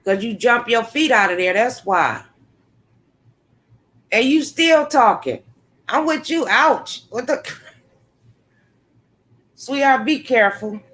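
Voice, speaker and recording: A woman hosting a casual livestream, talking bluntly to her chat viewers, swearing freely and reacting with animated commentary. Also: on the high side, slow, pauses often. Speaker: livestream host. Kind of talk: casual live-stream commentary.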